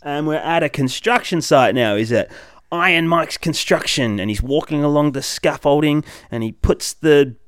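A man's voice: on the high side, normal speed, clean tone, dry recording, studio quality. A man reading a comic aloud to his young child, playful and sing-song, with big reactions. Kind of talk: animated comic read-aloud.

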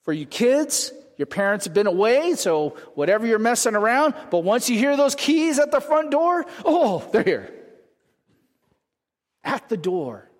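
A man's voice: very high voice, big pitch swings, moderate pace, hardly any pauses. A man from California preaching a sermon in a conversational way, often checking in with the congregation with "right?". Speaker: pastor. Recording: long hall reverb.

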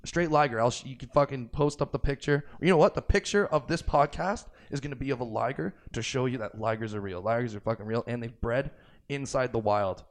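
Male podcast guest, casual and profane, animated storyteller. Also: mid-range voice, a little fast. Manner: swears freely, excitable and jokey.

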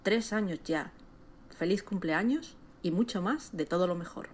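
A woman's voice: lowish voice, brisk, slightly rough. A woman from Spain reading a cheerful recorded greeting to a podcast as a listener. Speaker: listener sending a message.

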